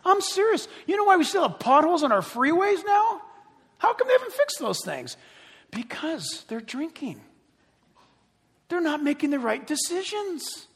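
A man preaching a sermon as pastor, animated and joking, acting out the voices of other people. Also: extremely high pitch, moderate pace, big-room sound.

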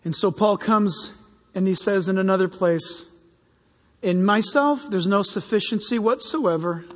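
An older man preaching a sermon to his church, animated and jokey, acting out little voices. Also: sits high, unhurried. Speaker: pastor. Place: church hall. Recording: reverberant hall.

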